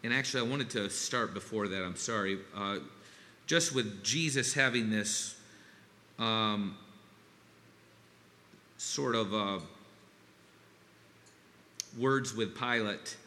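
A middle-aged man preaching a sermon, earnest and halting, with many fillers and restarts. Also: fairly low pitch, pushed and bright. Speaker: pastor. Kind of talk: sermon with scripture reading. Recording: long reverb, faint ambient noise.

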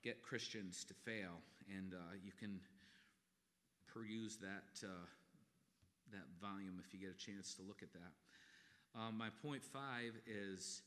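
A man's voice: lowish voice, takes it slowly, fairly bright tone. A middle-aged man preaching a sermon as a pastor in a folksy, conversational way. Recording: long reverb in a hall.

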